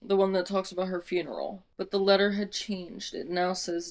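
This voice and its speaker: A young woman vlogging casually about a book she is rereading, dramatic and foul-mouthed, with sudden loud outbursts. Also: mid-range voice, fairly even intonation, moderate pace, few pauses, poor audio. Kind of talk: casual reread commentary with read-aloud passages.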